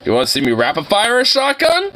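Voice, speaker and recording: A man's voice: sits high, wildly swooping pitch, quick pace, bright, forceful tone. A man chatting casually on a live stream, rowdy and profane, laughing often. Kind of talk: casual chat.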